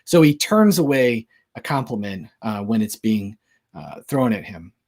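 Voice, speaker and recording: Male speaker, husky edge, relaxed lecture style, chatty and joking, lots of fillers. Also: lowish voice, a little slow. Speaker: Christian apologetics speaker. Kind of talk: casual lecture.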